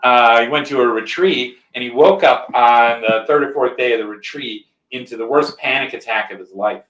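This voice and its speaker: A man's voice: mid-range voice, moderate pace, fairly bright tone, recorded from a distance. A male podcast host telling a personal story in casual conversation, rambling a bit and often checking in with "right?". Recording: roomy echo.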